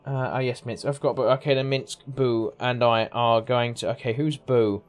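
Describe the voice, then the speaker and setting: A chatty man streams a game and rambles through casual commentary, often circling back and correcting himself. His pitch is middle for a man. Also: fairly even intonation, normal speed. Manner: chatty, rambling, self-interrupting. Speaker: gaming streamer. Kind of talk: casual let's-play commentary.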